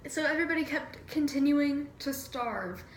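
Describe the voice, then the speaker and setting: A woman's voice: high voice, expressive, moderate pace, a little hiss or hum. Chatty, irreverent woman in an echoey room. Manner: chatty and irreverent, acts out quotes, swears. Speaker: amateur history explainer. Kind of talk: casual retelling of history.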